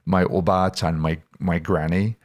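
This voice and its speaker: Very deep-voiced chatty man. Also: unhurried. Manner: chatty and relaxed, with frequent self-corrections. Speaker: podcast host. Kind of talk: casual language-lesson chat.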